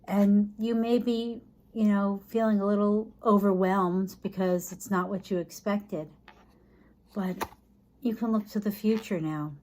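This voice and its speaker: A woman's voice: steady tone, a little slow, a little hiss or hum. Tired, chatty woman reading tarot. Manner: chatty, thinks aloud, soft and low at times. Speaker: tarot reader.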